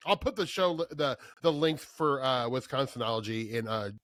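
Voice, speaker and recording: A man's voice: mid-range voice, animated, normal speed, a bit bright, no echo. Chatty laughing host guy from nebraska, bouncy voice, dry close sound. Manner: laughs often, upbeat and chatty. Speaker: podcast host. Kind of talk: casual interview chat.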